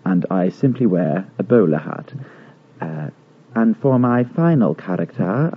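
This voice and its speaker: A stage actor with a Dublin accent walks through his costumes, friendly and a little hesitant with fillers. His voice is very low and husky, and it comes through thin and tinny like a phone line. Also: animated, measured pace. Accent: Dublin Irish. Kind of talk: introducing his costumes to an audience.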